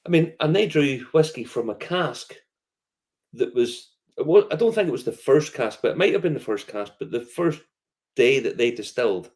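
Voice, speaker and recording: Animated Northern Irish man. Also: medium pitch, moderate pace. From Northern Ireland. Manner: animated storyteller, swears freely, acts out customers' voices. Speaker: whiskey shop tour guide. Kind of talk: casual chat.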